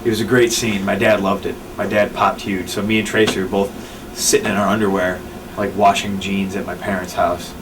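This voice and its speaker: Rambling wrestler telling a story, distant mic. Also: male voice, low-pitched, little pitch movement, a little fast. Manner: rambling, with fillers and self-corrections. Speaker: pro wrestler. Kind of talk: casual anecdote in an interview. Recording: distant mic with clear background noise.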